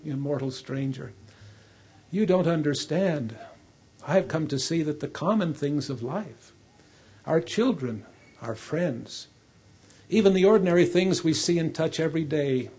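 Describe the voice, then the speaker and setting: A man's voice: fairly high pitch, a little slow, mellow, slightly rough. A man voicing a grieving, remorseful old king who pleads earnestly. He reads it as part of a spoken story.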